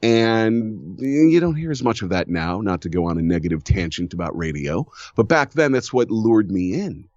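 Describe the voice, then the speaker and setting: Animated deep-voiced man, lively storyteller. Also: moderate pace, few pauses, no room sound, muffled recording. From Cleveland, Ohio. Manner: animated storyteller, laughs often. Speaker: voiceover artist guest. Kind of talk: casual interview chat.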